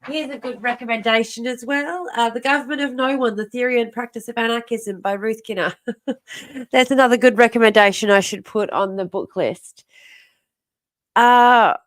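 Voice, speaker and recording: A woman's voice: on the high side, moderate pace. A woman in her thirties hosting a casual livestream from home, rambling and self-interrupting, often laughing to herself. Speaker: livestream host.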